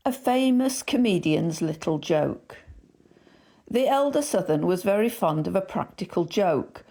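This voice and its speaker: A woman reading old magazine jokes aloud in a measured storytelling manner. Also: fairly low pitch, expressive, mellow. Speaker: reader.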